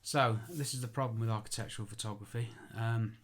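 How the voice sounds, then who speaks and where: This man, an architectural photographer, talks through an informal tutorial fairly quickly with a steady tone and mid-range voice. He chats along, tosses in self-deprecating asides, and fixes his own mistakes aloud.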